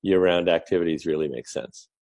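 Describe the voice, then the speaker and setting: Low-voiced chatty man, joking. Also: fairly even intonation, fairly quick, darkish tone. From Northern New Jersey, USA. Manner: chatty, self-deprecating jokes. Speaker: guest, clinical consultant. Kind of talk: relaxed interview chat.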